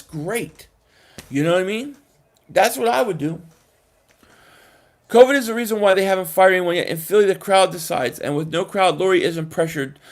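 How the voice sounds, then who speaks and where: A man with a very high voice hosts a relaxed live stream and replies to chat comments. His delivery is animated and emphatic, with frequent restarts.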